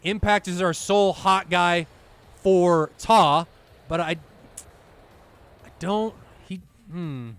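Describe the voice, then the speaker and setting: A man giving excitable play-by-play commentary on a flight combat match, talking straight to the viewers. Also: high voice, slow pace, long pauses, smooth. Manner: excitable, talks to the viewers directly. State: out of breath at times. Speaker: esports commentator.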